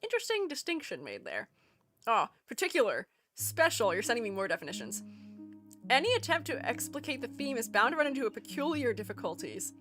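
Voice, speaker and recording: A young woman streamer chats with her viewers in a mixed Rust Belt American accent, laughing often and reading their messages aloud. Her voice sits slightly high and moves a great deal, leaping up and dropping low. Faint game music plays underneath. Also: very animated, a little fast, a bit bright. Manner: chatty, giggly, reads chat aloud. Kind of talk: casual chat while gaming.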